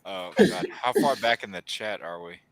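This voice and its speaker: A man's voice: sits low, normal speed, crowd noise. A man co-hosting a live stream, chatting casually and asking questions. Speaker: guest co-host.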